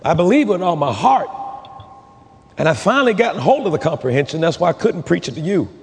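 A fervent male pastor preaching with a fairly high-pitched voice. He races through some lines and stretches others into loud, drawn-out calls. A long reverb hangs on his words in the church. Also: very animated. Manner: fervent preaching, swings between rapid talk and drawn-out shouted phrases. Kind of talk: sermon. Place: church sanctuary.

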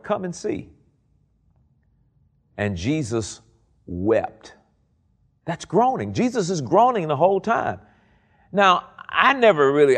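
A man preaching a sermon, reading scripture aloud and commenting on it, swinging from low, quiet passages to high, loud ones.

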